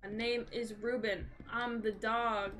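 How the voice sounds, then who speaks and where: A cocky male dog from a horror game, rapping his own praises in a slow, rhythmic swagger, as a woman streamer puts him on. The voice sits fairly high, with faint game music behind it. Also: little pitch movement, a bit bright. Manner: slow rhythmic boastful rap delivery.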